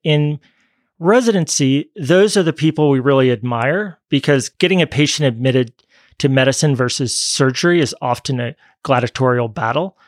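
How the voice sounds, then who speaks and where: A man's voice: mid-range voice, normal speed, no echo, studio quality. A man, a physician, talking thoughtfully on a podcast and chuckling now and then. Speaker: physician guest. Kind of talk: podcast conversation.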